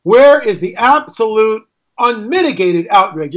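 A man's voice: sits high, expressive, unhurried. A middle-aged American man hosting a radio talk show, ranting indignantly and firing off rhetorical questions. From United States. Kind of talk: opinionated radio monologue.

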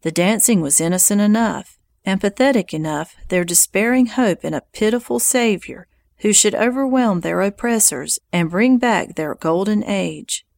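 A woman reading historical nonfiction aloud in a measured, even audiobook narration. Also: mid-range voice, gravelly, dry recording, studio quality.

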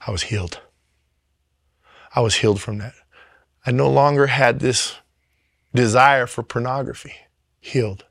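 A man in ministry telling his personal faith testimony in an earnest, emotional way, often halting and restarting his sentences. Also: medium pitch, vocal fry, no room sound. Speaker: ministry worker sharing testimony.

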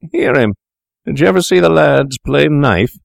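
A coarse, bullying little rogue taunts his companions in a storybook, as a male reader puts him on. He sounds loud and mocking, his voice pushed high. The recording is dry and close. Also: lively intonation, moderate pace, gravelly, no room sound.

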